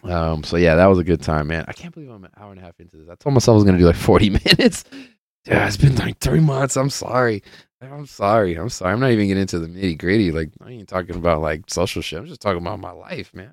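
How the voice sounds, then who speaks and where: A man's voice: sits low, animated, racing, creaky, dry recording. A young man hosting a podcast, chatting casually in a rambling, profane way with lots of filler words and acting out the people in his stories. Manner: loose storyteller who plays out the people in his stories. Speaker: podcast host. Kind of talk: casual chat.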